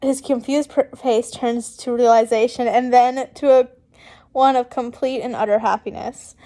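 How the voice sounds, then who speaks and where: A woman's voice: on the high side, fairly even intonation, moderate pace, warm tone. A woman reading fan fiction aloud, breaking off into chatty, giggly asides. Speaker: fanfiction reader and channel host.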